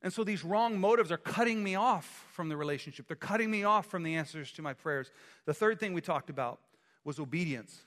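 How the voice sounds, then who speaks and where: A man preaching a sermon as pastor, animated and acting out scenes with quick changes of voice. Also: a little high. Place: church sanctuary. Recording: echoey hall.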